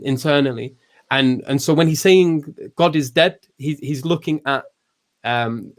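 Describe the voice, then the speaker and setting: A man hosting a podcast, explaining philosophy in a loose, thinking-aloud way with many restarts and fillers. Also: mid-range voice. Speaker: podcast host. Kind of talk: casual philosophical discussion.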